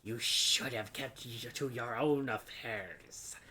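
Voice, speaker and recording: Woman doing a raspy hissing whisper voice, whispered role-play. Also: very deep voice, bright, forceful tone, voice pushed down, heavily acted. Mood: menacing. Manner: slow, menacing. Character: raspy hissing unseen menacing voice.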